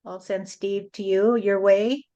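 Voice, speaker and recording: Woman channeler, mid-pitched voice, slow rhyming sermon cadence, dull lo-fi recording. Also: steady tone, mellow. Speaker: spiritual channeler. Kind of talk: channeled spiritual message.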